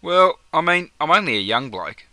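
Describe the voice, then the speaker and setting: A man's voice: on the high side, very animated, moderate pace, pushed and bright, no echo, heavily acted. A man playing an easygoing young Aussie bloke. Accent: Australian. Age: young adult. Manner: broad slang-laden banter. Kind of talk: scripted comedy sketch.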